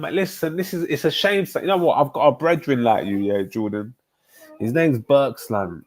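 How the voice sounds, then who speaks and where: A young man hosting a football stream, chatting loosely and animatedly with his viewers. His voice sits at an ordinary middle pitch, and he jumps between teasing, slang and sudden outbursts. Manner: animated, banters with chat, lots of slang and swearing. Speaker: football livestream host. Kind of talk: casual live-stream chat reading viewer comments.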